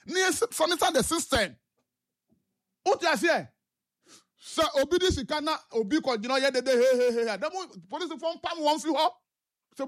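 A man's voice: very high voice, animated, brisk, fairly bright tone. A man with a Ghanaian English accent, calling in to a talk show and giving impassioned political commentary with rhetorical questions. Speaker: caller.

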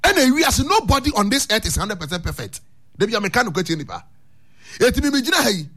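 Male radio pastor, high husky voice, lively pitch, call-and-response preaching. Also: fast. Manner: preaching, mixing languages, chanting lines for echo.

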